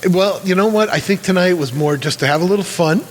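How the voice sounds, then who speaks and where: A man's voice: sits high, quick pace, slight background noise. A man hosting a podcast in casual chat, rambling and playful, laughing often. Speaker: podcast host.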